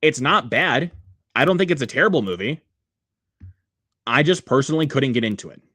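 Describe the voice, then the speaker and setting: A man's voice: medium pitch, lively intonation, brisk, pushed and bright, no echo. Chatty man with a dry close sound. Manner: rambling, frequent "like" fillers, reads viewer comments aloud. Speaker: livestream host. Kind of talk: casual livestream chat.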